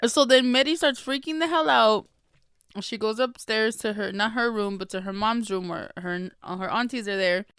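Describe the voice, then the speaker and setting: A woman's voice: a little high, moderate pace, fairly bright tone, clear, resonant tone, dry recording, studio quality. A woman hosting a podcast, chatting casually and laughing often as she recaps a book. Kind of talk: casual chat.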